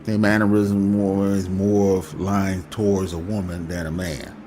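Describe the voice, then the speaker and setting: A man's voice: low-pitched, flat delivery, unhurried, dark tone, a little hiss or hum. A man hosting a casual livestream, talking in a loose, joking, slangy way. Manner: loose, joking and slangy, often trailing into laughter. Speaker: host.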